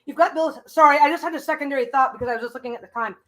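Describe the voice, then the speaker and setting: Talking very fast over background noise, a tarot reader hosting a live stream gives readings in a loose, chatty style, her voice pitched a little above usual. She restarts often and repeats phrases as she thinks aloud, then eases into reassuring advice.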